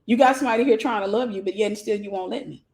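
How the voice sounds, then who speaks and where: A woman minister giving an animated teaching sermon, acting out scenes and speaking straight to her listeners. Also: medium pitch, racing, gravelly. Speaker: minister and mentor.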